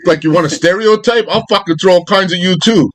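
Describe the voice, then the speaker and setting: A man's voice: sits high, fairly quick, fairly bright tone, no echo. A man on a casual panel show, joking around and bantering in a heated way.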